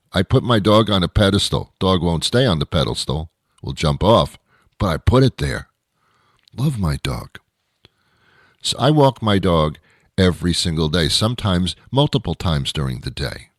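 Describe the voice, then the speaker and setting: Host, male, very low voice, dry close sound, wry rambling monologue. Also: no room sound. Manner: wry, rambling, with dramatic pauses. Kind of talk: comedic monologue.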